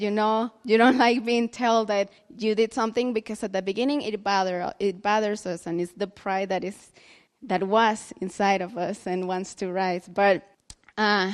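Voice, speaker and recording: A woman giving earnest devotional teaching and reading Bible verses aloud. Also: mid-range voice. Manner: earnest and heartfelt; reads scripture aloud slowly.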